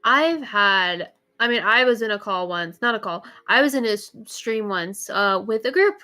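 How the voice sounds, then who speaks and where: A woman's voice: medium pitch, lively intonation, normal speed, bright, forceful tone. A young woman, a VTuber guest, chatting casually and rambling with frequent laughs. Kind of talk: casual chat.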